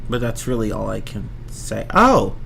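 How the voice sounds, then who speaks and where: A man's voice: fairly low pitch, sing-song, moderate pace, gravelly, bright, forceful tone, a little hiss or hum. A young man rambling casually through a film review on a livestream, often restarting his sentences, swearing now and then and reacting to chat. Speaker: livestream host reviewing films.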